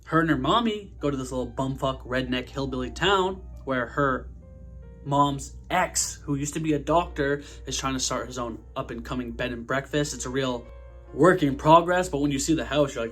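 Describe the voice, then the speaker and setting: A young man hosting a casual movie review vlog, slangy, energetic and profane. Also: medium pitch, normal speed, soft background music. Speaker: host of a movie review channel.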